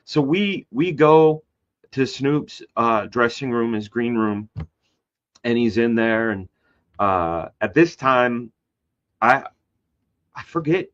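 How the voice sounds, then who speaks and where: A man, a comic book artist, telling a rambling story in casual conversation, jumping into high voices to act out quotes. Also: slow pace. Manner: animated, acts out quoted voices with big pitch jumps; loose and rambling with many fillers and restarts. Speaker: guest. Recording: slightly dull lo-fi sound.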